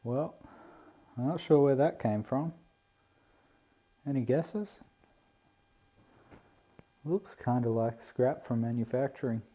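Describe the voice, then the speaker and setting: A man's voice: mid-range voice, takes it slowly, pauses often, dark tone. A man giving a laid-back, self-deprecating unboxing commentary on a model plane, indoors on a camera mic. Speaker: RC plane hobbyist vlogger. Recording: dull lo-fi camera audio.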